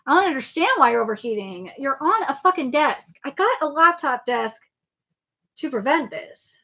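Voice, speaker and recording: Casting: young woman streamer, high and bright, rambling and swearing at a webcam. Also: animated, fairly quick, dull audio. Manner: rambling, swearing, emphatic repeats. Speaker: livestream host. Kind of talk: casual livestream chat. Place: home room with laptop at a desk.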